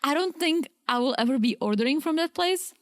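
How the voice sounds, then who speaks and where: High-voiced chatty woman podcaster. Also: brisk, no room sound, clean studio sound. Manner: animated storyteller, acts out both sides of phone calls. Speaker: podcast co-host. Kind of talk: casual chat recapping a reality show.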